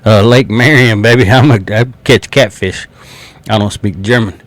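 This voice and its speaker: A man's voice: fairly low pitch, moderate pace, no echo. A man from South Carolina with a Southern accent, talking football as a fan in a blunt, swearing, laughing casual way. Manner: blunt, swears freely, laughs between remarks. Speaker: sports fan podcaster.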